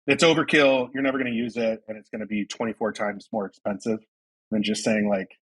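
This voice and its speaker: A man from Ohio, a company founder, explaining things as a podcast guest in a relaxed way with lots of fillers. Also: on the low side, fairly quick, breathy edge, rough recording. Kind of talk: casual interview chat.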